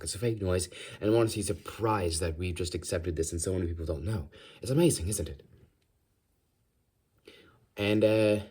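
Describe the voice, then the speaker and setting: A man with an American accent talks in a loose, rambling ASMR monologue, his voice sitting fairly low. He keeps slipping in and out of put-on accents and odd voices, with a touch of vocal fry. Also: a little mellow.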